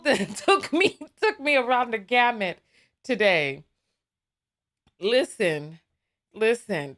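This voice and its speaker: A woman's voice: fairly high pitch, very animated, a little slow, a bit bright. A woman hosting a live call-in talk show, laughing often and sounding exasperated.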